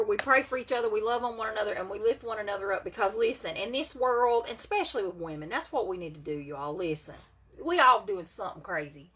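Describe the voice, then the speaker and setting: A woman's voice: mid-range voice, bright, forceful tone, slight background noise. A woman, chatting folksily to viewers on a live stream while selling makeup. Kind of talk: casual live-stream chat.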